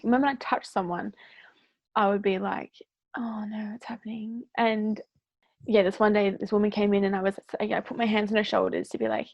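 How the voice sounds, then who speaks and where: A woman's voice: medium pitch, dry recording. A woman telling stories as a podcast guest in a casual chat, leaning on "like" and acting out what people said. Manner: chatty, fills speech with "like", acts out quoted dialogue.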